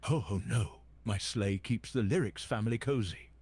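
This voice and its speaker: A man's voice: fairly low pitch, moderate pace, a little mellow, husky. A synthetic male voice playing a jolly old Santa Claus chatbot, chatting cheerily in holiday wordplay. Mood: playful. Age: older.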